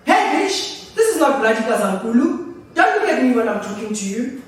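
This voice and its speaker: A man's voice: extremely high pitch, big pitch swings, normal speed, pitched above the performer's own voice. A woman voicing a contemptuous male policeman who barks and sneers during a night raid, recorded from a distance in an echoey hall. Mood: sneering, bullying. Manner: barking, sneering, mocking. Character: harsh male raiding policeman, contemptuous and bullying.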